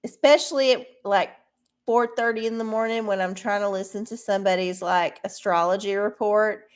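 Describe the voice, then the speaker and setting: A woman's voice: mid-range voice, steady tone, moderate pace, clean tone. A woman hosting a livestream, chatting casually to her viewers in a profane, ranting way. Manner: talks to viewers directly. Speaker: livestream host.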